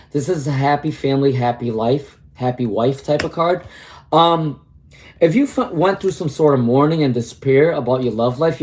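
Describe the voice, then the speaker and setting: A man's voice: medium pitch, darkish tone. A man with a New York accent giving an upbeat, encouraging live tarot reading and answering viewers' questions. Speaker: tarot reader.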